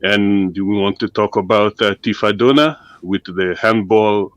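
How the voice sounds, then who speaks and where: A man's voice: lowish voice, measured pace, no echo. A man on a casual football panel, talking hesitantly with many filler uhs. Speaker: panel guest.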